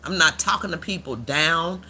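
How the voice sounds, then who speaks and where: A man's voice: a little high, moderate pace, pushed and bright, slight background noise. Justine, a man doing a blunt older woman. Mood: preachy. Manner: blunt, preachy, drawling with slang. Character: blunt older woman livestreamer, rough-edged. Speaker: livestream host. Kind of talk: livestream commentary.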